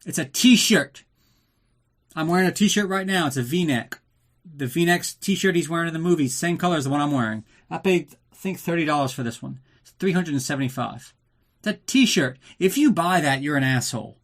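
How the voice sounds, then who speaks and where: A man's voice: fairly high pitch, a little fast. A man hosting a podcast, recapping a film in a casual, sarcastic way, swearing often and acting out the characters in jokey voices. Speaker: podcast host.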